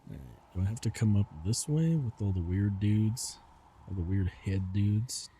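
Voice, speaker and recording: A man's voice: on the low side, lively intonation, moderate pace, warm tone, slight background noise. A man commentating his own game stream, chatty and self-deprecating, laughing often. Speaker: VTuber streamer.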